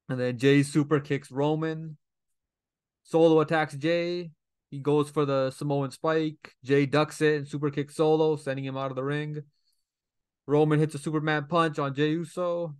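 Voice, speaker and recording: A man's voice: a little high, level tone, normal speed, clean tone, dry recording, studio quality. A man giving a casual, rambling recap of a wrestling show, retelling each scene with paraphrased quotes and lots of fillers.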